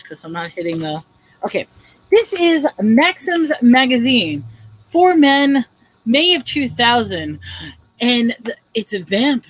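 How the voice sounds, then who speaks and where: A woman's voice: fairly high pitch, rough recording. A woman hosting a casual live-stream book sale, chatty, reading back-cover blurbs aloud with drama and laughing often.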